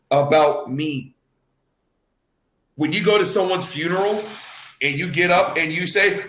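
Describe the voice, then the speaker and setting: A Cajun man in his fifties from Louisiana, ranting profanely in a casual chat, repeating himself and veering between laughter and shouting. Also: a little high, echoey room, rough recording. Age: 50s.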